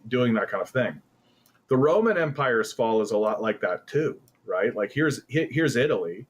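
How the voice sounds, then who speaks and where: A man from Canada hosting casual political commentary, rambling with lots of fillers and breaking into sarcastic jeers. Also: on the low side.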